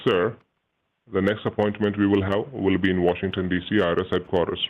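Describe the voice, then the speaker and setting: Stern official-sounding man, very deep, dull phone audio. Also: level tone, a little fast. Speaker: phone scammer. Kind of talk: phone call.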